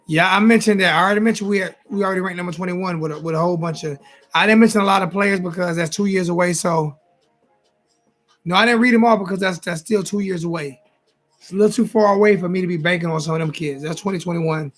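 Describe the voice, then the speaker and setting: A man's voice: sits high, fast talker, a bit bright, soft background music. A man in his forties hosting a casual late-night sports talk livestream, tired, rambling and repeating himself as he talks straight to his chat. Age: 40s. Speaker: sports talk show host.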